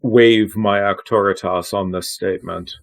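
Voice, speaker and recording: Low gravelly guy in character at a tabletop game, formal and deliberate. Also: fairly even intonation, poor audio. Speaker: player. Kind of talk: in-character tabletop role-play.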